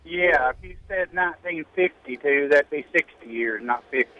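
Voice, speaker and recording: A man's voice: fairly high pitch, normal speed, no echo. A man calling in to a radio show, friendly and self-deprecating. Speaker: caller. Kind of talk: phone-in chat. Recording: dull dry phone line.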